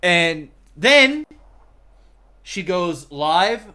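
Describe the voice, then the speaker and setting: A man casting a game, telling a rambling, animated story in casual chat. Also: high voice, very slow. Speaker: game caster.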